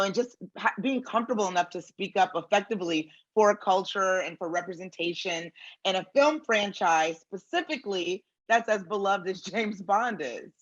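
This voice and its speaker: A woman interviewing an actor, encouraging and affirming, who asks long, thoughtful questions. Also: mid-range voice. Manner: warm and encouraging, gives frequent affirmations. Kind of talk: conversational interview. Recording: slightly dull, muffled audio.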